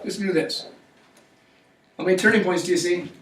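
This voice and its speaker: A man's voice: sits high, moderate pace, background noise. A man teaching a math class, coaxing students along with frequent check-in questions. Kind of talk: classroom lecture. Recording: echoey classroom, mic far off.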